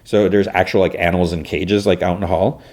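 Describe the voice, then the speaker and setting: A man's voice: deep voice, level tone, fast, a little mellow. A man hosting a podcast, casually recapping a show with lots of fillers. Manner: rambling, filler-heavy. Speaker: podcast host.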